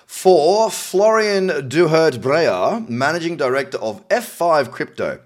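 An Australian man hosting a crypto news show, reading articles aloud with cynical, chatty asides. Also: mid-range voice. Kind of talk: casual news commentary.

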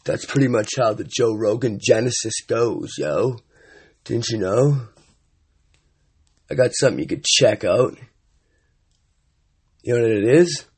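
A man's voice: mid-range voice, expressive, measured pace, long pauses, slightly rough. A man hosting a solo comedy podcast, rambling crudely and profanely in a mock-boastful way. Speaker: podcast host.

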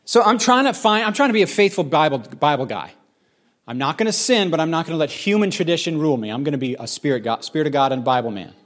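A man's voice: fairly high pitch, animated, fast talker, a bit bright. A middle-aged man, a pastor, giving a candid, conversational sermon testimony, often restarting his sentences. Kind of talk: sermon-style personal testimony.

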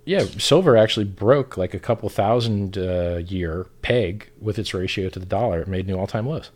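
A man with a low-pitched voice holds forth in a blunt, heated rant, swearing at every turn. It sounds like a loose, unscripted talk show, with him doing most of the talking. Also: moderate pace, a little mellow. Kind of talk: casual profane rant.

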